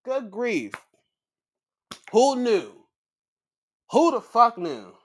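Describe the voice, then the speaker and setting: A man hosting a podcast, recapping matches in casual, profane talk and acting out quotes in a high voice. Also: big pitch swings, drawn-out words. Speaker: podcast host.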